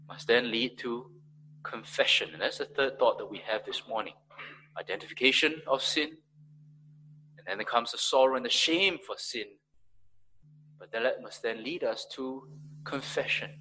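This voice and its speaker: A man preaching a sermon as pastor, swinging between emphatic raised peaks and quiet, low passages. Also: lively intonation, unhurried, pauses often, slight background noise, poor audio.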